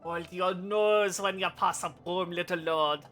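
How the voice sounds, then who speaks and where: Brief: streamer puts on a sneering French-accented drunk, slow drawl, bright tone. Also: medium pitch, steady tone, soft background music. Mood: mocking. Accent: put-on French. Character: drunken mocking Ishgard man. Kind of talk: reading game dialogue aloud.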